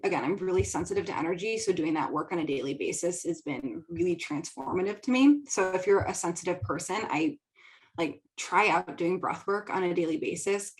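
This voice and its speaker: Young Midwestern woman host, low-ish voice, casual and giggly, lots of fillers. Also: rough recording. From American Midwest. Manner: chatty, giggly, filler-heavy. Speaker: podcast host. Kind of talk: casual solo talk. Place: home studio.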